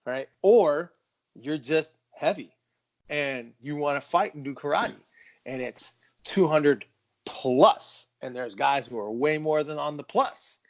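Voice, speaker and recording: A middle-aged man co-hosting a martial arts talk show, slightly high-voiced and full of bravado. He spins stories with energy and cocky asides. It sounds like a relaxed conversation between friends. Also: slow pace. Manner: animated, boastful storyteller. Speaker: podcast co-host. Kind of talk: casual chat.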